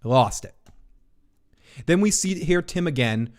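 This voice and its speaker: A man giving a casual, rambling spoiler recap of a TV episode in his apartment, excitable and swearing, his pitch jumping when he gets worked up. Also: a little slow. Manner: rambling, restarts often. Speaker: TV recap reviewer.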